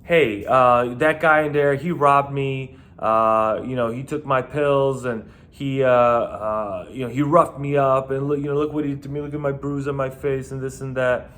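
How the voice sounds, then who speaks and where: A man's voice: fairly even intonation, normal speed, hardly any pauses, a bit bright, lightly acted. A man voicing a whiny, indignant male clubgoer who was caught with pills, pleading and complaining. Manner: pleading, complaining, raised pitch.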